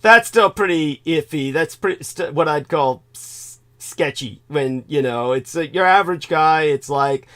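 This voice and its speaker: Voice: medium pitch, a little slow, hardly any pauses, a bit bright. A co-host chiming in with wry, chuckling comments in a casual chat.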